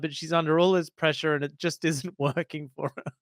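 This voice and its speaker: A man's voice: a little high, steady tone, a little fast, no echo, clean studio sound. A man co-hosting a tech podcast, making thoughtful points at length. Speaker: podcast co-host. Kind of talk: casual tech podcast chat.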